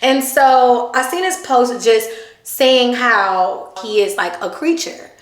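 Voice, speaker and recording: Woman vlogger spilling a storytime, kinda high voice, animated, echoey room. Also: slow. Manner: animated, drops low to quote her date. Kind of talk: casual storytime chat.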